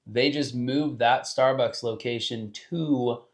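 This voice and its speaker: A young man talking as a podcast guest in a relaxed, slangy way, tossing in bro and man. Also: medium pitch, slow pace. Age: young adult. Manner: laid-back slangy talk, says bro and man. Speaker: podcast guest, roofer and rapper. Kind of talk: casual podcast chat.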